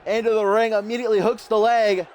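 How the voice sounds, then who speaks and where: A man doing jokey, excitable play-by-play commentary over a wrestling video game, getting loud at the big moments. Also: high-pitched, fast talker, a little hiss or hum.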